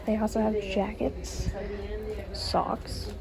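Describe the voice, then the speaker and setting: A young woman, chatting brightly as she shows off purchases in a travel vlog. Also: medium pitch, fairly even intonation, slow pace, gravelly, crowd noise. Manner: bubbly, chatty, enthusiastic. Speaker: travel vlogger. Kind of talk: casual vlog narration. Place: cruise ship.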